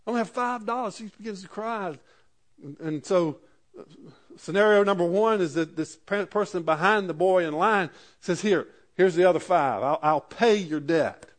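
High-voiced preacher, conversational. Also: male voice, normal speed. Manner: conversational preaching with rising emphatic peaks. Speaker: pastor. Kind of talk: sermon.

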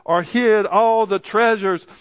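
A man's voice: high voice, fairly even intonation, takes it slowly, smooth. Earnest male pastor preaching a sermon. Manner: earnest storytelling, quoting others, rising to fervent preaching.

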